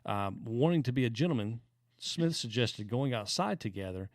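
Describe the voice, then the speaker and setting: A man's voice: on the low side, a little fast, hardly any pauses, no room sound, studio quality. A man with a Southern US accent co-hosting a casual podcast, reading odd news stories aloud in a laid-back, hesitant way with many fillers. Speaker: podcast co-host.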